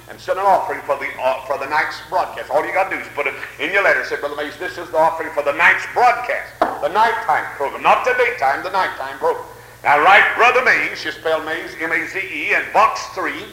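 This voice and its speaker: A man's voice: fairly high pitch, bright, forceful tone, roomy sound, slight background noise, low-quality recording. An older man preaching a revival sermon in a church, telling folksy stories and breaking in with fervent amens.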